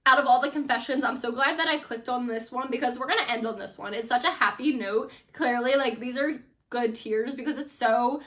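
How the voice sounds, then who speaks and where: Chatty woman host with a higher voice. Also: fairly quick, fairly bright tone. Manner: chatty, gushing, many "like" fillers. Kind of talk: casual reaction chat.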